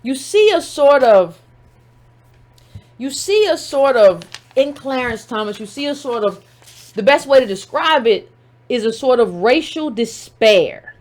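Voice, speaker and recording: A woman with a high voice hosts a live commentary stream. She talks emphatically, throws pointed rhetorical questions at the person she is discussing, and turns often to address her viewers directly. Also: big pitch swings, unhurried, darkish tone. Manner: speaks directly to her audience. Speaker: political commentator. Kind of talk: livestream commentary.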